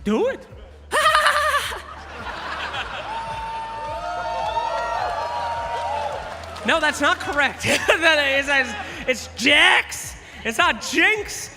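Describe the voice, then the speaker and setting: A man hosting a quiz at a live event, loud and playful, teasing contestants and shouting out to the crowd. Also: very high-pitched, very animated, slow pace, few pauses. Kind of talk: energetic stage hosting to a crowd. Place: large live event arena. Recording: echoey arena hall with music.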